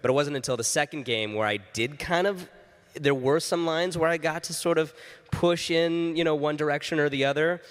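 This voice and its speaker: Thoughtful man, smooth voice, hall reverb. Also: a little high. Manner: thoughtful, measured. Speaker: voice actor on a panel. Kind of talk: thoughtful panel answer.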